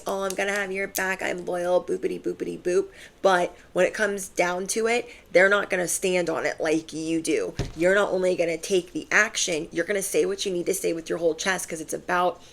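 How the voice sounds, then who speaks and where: Gravelly low-voiced woman tarot reader. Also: fairly quick, hardly any pauses, slight background noise. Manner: casual and emphatic, heavy on slang and fillers. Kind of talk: channeled tarot reading to viewers.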